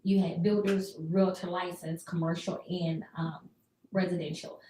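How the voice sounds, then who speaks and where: A woman radio host giving a chatty, expressive recap that she acts out with quick bits of dialogue. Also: lowish voice, echoey room, recorded from a distance, slight background noise, poor audio.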